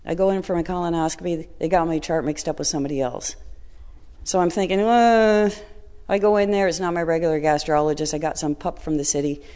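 A middle-aged woman telling a personal story in a blunt, colloquial, animated way. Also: deep voice, fast, in a large hall.

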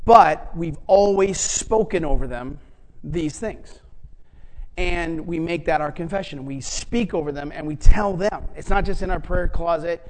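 Animated middle-aged preacher telling a story. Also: medium pitch, poor audio. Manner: animated, acts out quoted dialogue; conversational, many fillers and restarts. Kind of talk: sermon storytelling.

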